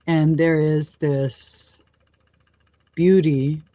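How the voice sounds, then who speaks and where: A woman hosting a live oracle card reading. She speaks gently and affirmingly, wandering and restarting phrases as she describes what she senses. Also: low-pitched, steady tone, extremely slow, no echo. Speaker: show host and oracle card reader.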